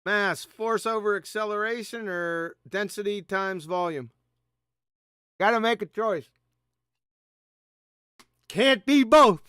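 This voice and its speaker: A man's voice: high-pitched, slow pace, pauses often, fairly bright tone, smooth, no room sound, studio quality. A man giving a mocking, profane presentation over slides, sarcastically addressing an absent author as he goes. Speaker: video presenter.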